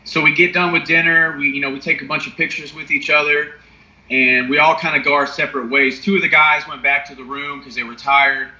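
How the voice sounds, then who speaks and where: Young man, bright forceful voice, excitable, swears a lot, echoey lo-fi recording. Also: a little high, brisk. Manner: excitable, profane, lots of "you know what I mean". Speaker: podcast co-host. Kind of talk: casual storytelling chat. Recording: echoey, dull lo-fi sound.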